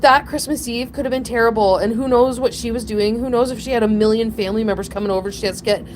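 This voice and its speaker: A woman hosting a casual chat, rambling through a story with frequent laughter and sudden high, emotional bursts. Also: quick pace, slight background noise. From Ontario, Canada. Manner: rambling, animated, laughs often, breaks into emotional high pitch. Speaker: channel host.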